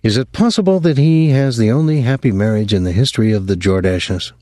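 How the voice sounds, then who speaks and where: A man's voice: medium pitch, a little fast, mellow, dry recording, lightly acted. Man reading as a bitter wry woman, theatrical, dry close audiobook sound. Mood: sardonic. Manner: sardonic, theatrical. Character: bitter witty woman, middle-aged, drinking late.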